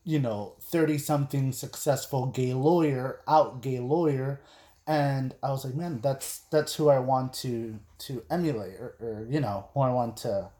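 Slow-talking man in an echoey room. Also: medium pitch, warm tone. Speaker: podcast co-host. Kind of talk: casual chat.

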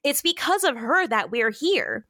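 A woman voicing a defensive young man as she quotes him while recapping a film. She reads his lines quickly and a bit higher than her own voice. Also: sing-song, sharp tone, no room sound, studio quality, heavily acted. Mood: urgent.

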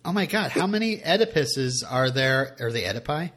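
Rambling animated man recapping a show. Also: medium pitch, moderate pace. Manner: rambling, animated, many fillers. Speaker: podcast co-host. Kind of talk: casual TV recap chat.

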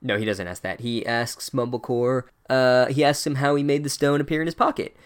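A man's voice: mid-range voice, fairly even intonation, a little fast, smooth. A man giving an irreverent, sarcastic comedic recap of a book, casual and full of asides.

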